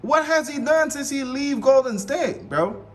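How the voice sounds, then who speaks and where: A man reacting live to a debate show clip, heated and animated, repeating himself and swearing. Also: extremely high pitch, unhurried. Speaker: reaction streamer.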